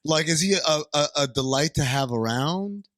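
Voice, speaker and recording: A man's voice: on the high side, animated, normal speed, fairly bright tone, dry recording. A man co-hosting a podcast, arguing his point with sarcasm and swearing. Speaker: podcast co-host. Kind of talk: casual chat.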